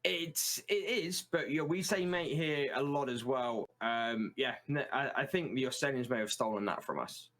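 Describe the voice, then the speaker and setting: A man's voice: medium pitch, moderate pace, few pauses, fairly bright tone. A British man in casual chat as a guest, explaining words with plenty of ums and restarts. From United Kingdom. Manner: hesitant, many ums and restarts.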